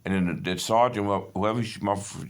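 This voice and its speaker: A man's voice: fairly low pitch, steady tone, fairly quick. A man in his fifties in a rambling personal monologue, agitated and profane, jumping between stories. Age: 50s. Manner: agitated, profane, digressive storytelling.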